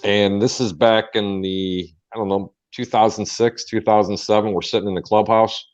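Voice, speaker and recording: Man, low voice, animated storyteller, dull lo-fi audio. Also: normal speed, soft background music. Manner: animated storyteller, acts out quotes. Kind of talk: casual storytelling on a sports talk show. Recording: dull lo-fi sound.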